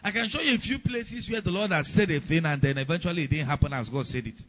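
A man's voice: on the high side, lively intonation, quick pace, dull audio. A middle-aged male pastor preaching a sermon, emphatic, repeating key lines and asking the congregation if they follow.

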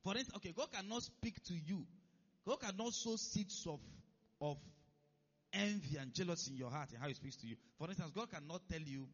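A man's voice: high voice, lively intonation, brisk. A man preaching a sermon, who keeps stopping to check that his listeners are following. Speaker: pastor. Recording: dull lo-fi recording.

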